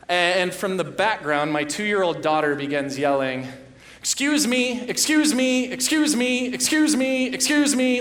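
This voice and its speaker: A man's voice: mid-range voice, a bit bright. A man in his thirties preaching a sermon, telling a family story and acting out his young daughters' voices. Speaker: pastor. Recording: echoey church hall.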